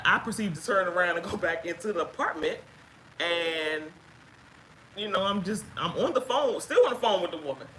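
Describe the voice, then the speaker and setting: A woman casually telling a personal story on a live stream, chatty and halting with fillers, acting out what others said. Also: fairly low pitch, sharp tone, slight background noise, rough recording. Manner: chatty, halting with fillers, acts out quoted speech. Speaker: guest sharing her story.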